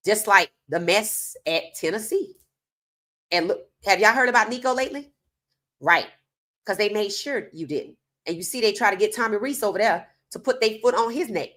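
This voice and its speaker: A woman with a mid-range, fairly bright voice delivers an opinionated sports commentary monologue. In casual, informal speech she makes her points emphatically and fires rhetorical questions straight at viewers.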